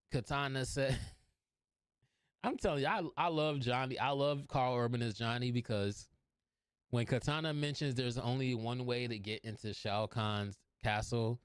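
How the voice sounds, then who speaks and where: A man recapping a movie scene by scene in a casual, animated way, laughing often and swearing. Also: mid-range voice, clean tone, no echo, studio quality. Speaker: movie reviewer.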